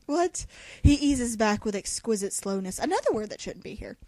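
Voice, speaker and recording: A woman's voice: a little high, expressive, moderate pace, few pauses, a little mellow, no echo. A young woman reading a novel aloud in a dramatic voice, breaking off for sarcastic jokes. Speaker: reader.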